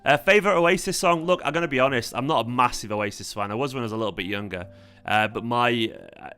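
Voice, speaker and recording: A man's voice: mid-range voice, quick pace, bright, forceful tone. A young man, hosting a fan channel livestream in a casual, rambling chat, his voice tired. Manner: rambling, laid-back, chatty with fillers. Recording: faint guitar music behind.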